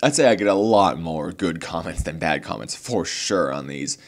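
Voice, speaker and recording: A man's voice: low voice, animated, moderate pace. A young man hosting a card game channel, talking casually to camera in a rambling, earnest and slightly exasperated way, full of fillers and restarts.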